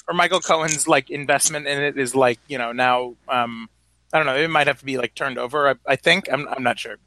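A man's voice: mid-range voice, fairly quick, pushed and bright. A man co-hosting a podcast, chatting casually about politics with lots of "like" and hedging. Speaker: podcast co-host.

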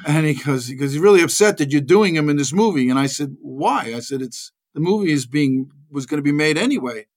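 This actor, appearing as a guest in a relaxed interview, speaks in a fairly high voice and at a fairly quick clip. He rambles through his stories with lots of energy, performing the voices of the people he quotes.

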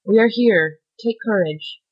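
Woman playing a grave measured nobleman, calm and steady, slightly dull audio. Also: mid-range voice, natural voice.

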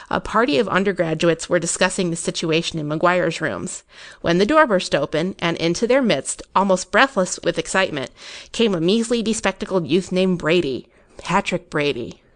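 Woman narrating a ghost story, lowish voice. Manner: measured, expressive reading.

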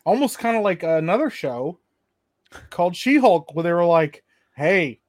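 A man's voice: high-pitched, lively intonation, normal speed, a little mellow, dry recording, studio quality. A man co-hosting a casual chat show, talking with sarcasm and swearing, acting out scenes he describes. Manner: profane, sarcastic, acts out scenes in voices. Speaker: podcast co-host.

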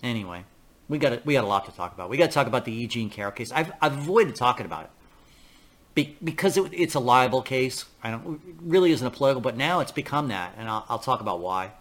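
A man's voice: mid-range voice, expressive, fast, fairly bright tone. A man hosting a talk podcast in a casual, rambling monologue, often restarting his sentences. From New York area. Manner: rambling, repeats himself, acts out quoted voices. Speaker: podcast host.

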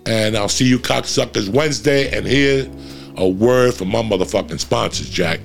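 A man's voice: on the low side, moderate pace, faint music behind. A middle-aged man, a comedian hosting his own podcast, giving a blunt, profane motivational monologue. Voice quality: gravelly. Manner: blunt, profane, fired-up ranting.

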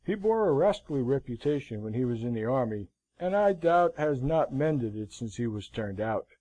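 A man voicing a stern, blunt middle-aged army colonel in an audiobook, speaking curtly and gravely. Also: mid-range voice, sing-song, normal speed, mellow, dry recording, lo-fi sound. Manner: curt, grave, frank.

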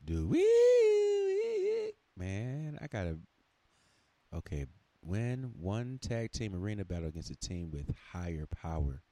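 A man's voice: low-pitched, lively intonation, a little slow, mellow. A man podcaster rambling in a casual, profane monologue, talking to himself while playing a game.

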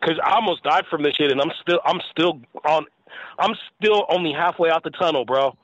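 A man co-hosting a live talk stream, speaking haltingly with frequent restarts and casual slang. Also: on the high side, fairly bright tone, dry recording. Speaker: co-host. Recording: dry, dull lo-fi sound.

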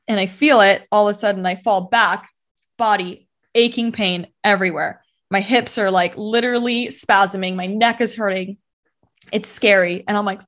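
A woman's voice: medium pitch, a bit bright. A young woman telling a personal story as a podcast guest, talking casually with many fillers and acting out her past thoughts.

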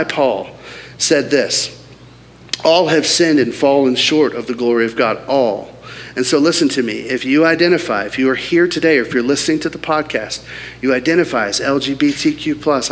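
A man's voice: mid-range voice, a bit bright. A man preaching a sermon as pastor, earnest and emphatic, asking the room rhetorical questions. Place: church auditorium. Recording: hall reverb, faint background noise.

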